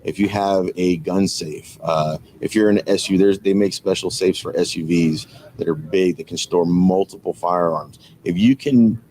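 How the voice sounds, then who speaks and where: A man speaking as a gun trainer in a news interview, earnest and halting. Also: sits low, darkish tone, a little hiss or hum. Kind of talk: interview soundbite.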